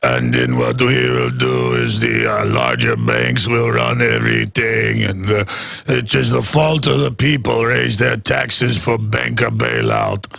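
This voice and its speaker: A man doing a mocking impression of a slow, pompous elderly statesman with a put-on accent. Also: creaky, a bit bright, no echo, exaggerated voice. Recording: low-quality radio broadcast.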